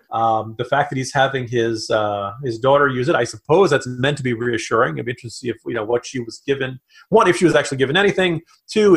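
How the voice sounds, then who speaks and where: Gravelly-voiced male political podcaster. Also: mid-range voice. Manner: animated, talks in quick bursts with asides. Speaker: podcast co-host. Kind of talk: political commentary chat.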